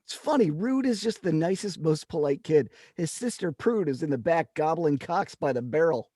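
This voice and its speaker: Male co-host, slightly high, animated storyteller, crude humor. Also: normal speed, no echo, clean studio sound. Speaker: podcast co-host. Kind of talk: casual comedic chat.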